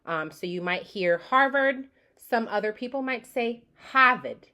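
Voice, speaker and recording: A young woman from the Boston area giving a casual class presentation, often pausing with "um" and demonstrating pronunciations aloud. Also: fairly high pitch, animated, fairly bright tone. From Boston area, USA. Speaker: student presenter.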